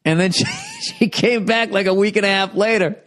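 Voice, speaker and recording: A man's voice: high-pitched, huge pitch swings, normal speed, a bit bright. A middle-aged man telling stories in a casual, profane, rambling monologue with self-mocking asides. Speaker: comedian.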